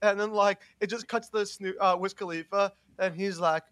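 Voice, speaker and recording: High bright-voiced young man rambling. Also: steady tone, moderate pace, no room sound, studio quality. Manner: rambling, heavy use of "like", laughs often. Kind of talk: casual chat.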